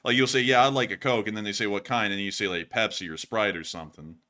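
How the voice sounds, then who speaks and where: A young man from Alabama with a Southern accent, hosting a casual livestream chat and getting animated. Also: fast talker. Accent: Southern American. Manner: animated, mocks voices with loud pitch jumps. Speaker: host.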